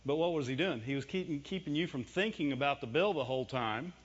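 A male preacher with a high voice, delivering a sermon in a chatty way and firing off quick rhetorical questions he then answers. The recording sounds dull and lo-fi. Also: expressive, husky. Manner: conversational, chuckling preaching. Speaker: pastor.

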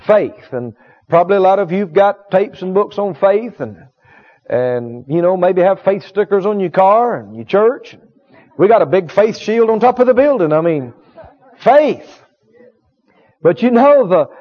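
Emphatic and repetitive, this preacher and healing school teacher drives home key phrases in a high, ringing voice during his sermon, pausing so listeners can respond. The sound quality is dull and lo-fi.

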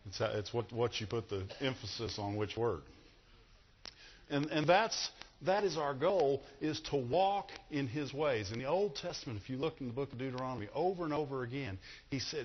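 A middle-aged man preaching a sermon to a congregation, animated and asking them questions. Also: medium pitch, normal speed, a little hiss or hum. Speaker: pastor. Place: church hall. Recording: dull sound with long hall reverb.

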